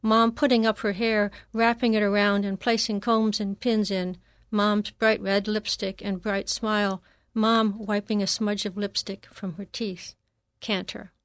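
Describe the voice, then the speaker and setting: A woman narrating a first-person memoir in a measured, reflective reading. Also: medium pitch, level tone, dry recording, clean studio sound.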